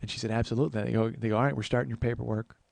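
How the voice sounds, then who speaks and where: A man's voice: medium pitch, fairly even intonation, rapid-fire, gravelly, a little mellow, no echo. A man in his forties telling stories in a casual podcast monologue. He chats freely, swears offhandedly and acts out the people he quotes. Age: 40s. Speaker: podcast host.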